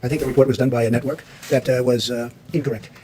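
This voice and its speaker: A man's voice: medium pitch, steady tone, fast talker, dark tone, slight background noise. A man, the president, answering reporters at a press briefing in a combative, repetitive way.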